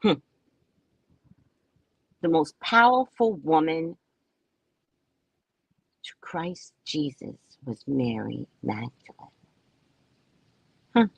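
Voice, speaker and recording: Husky woman host, animated delivery, blunt, swears freely, casual storytelling. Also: deep voice, very slow, pauses often, no echo, dull audio. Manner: blunt, profane, laughs often. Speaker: psychic reader and live-stream host.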